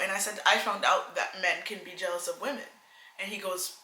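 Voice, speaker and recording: A young woman chats emphatically and gives advice to young women, her voice very bright and forward. The room around her rings with echo. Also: medium pitch, fairly even intonation, brisk. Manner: chatty, emphatic, laughs often, acts out quoted men. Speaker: co-host. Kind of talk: casual chat, giving advice to young women. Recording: echoey room.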